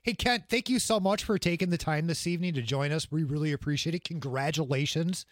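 A man's voice: on the high side, fairly quick, dry recording. Male host, dry close sound. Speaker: radio show host. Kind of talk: casual interview questions.

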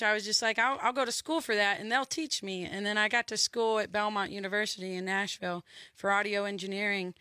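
Bright-voiced young Georgia woman. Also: medium pitch, clean tone, no room sound, studio quality. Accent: Southern US, Georgia. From Georgia, USA. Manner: chatty and animated, with lively quoted asides. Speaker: musician guest. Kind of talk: casual interview chat.

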